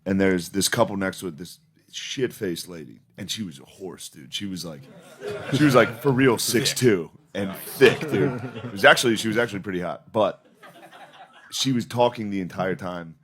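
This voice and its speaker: A man's voice: low-pitched, moderate pace. A man telling profane comedic stories on a podcast and acting out the quotes. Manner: profane, animated, acts out quotes. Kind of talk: casual comedic storytelling.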